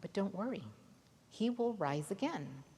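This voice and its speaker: A woman voicing a gentle, calm grown man who comforts his friends, in a children's Bible story. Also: mid-range voice, unhurried, slight background noise, voice pushed up. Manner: gentle, reassuring. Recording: reverberant hall.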